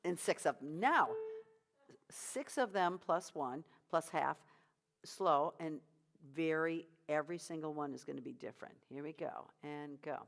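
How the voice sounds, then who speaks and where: A woman leading a choir rehearsal as vocal coach, giving encouraging instructions between high sung drills. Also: measured pace, gravelly.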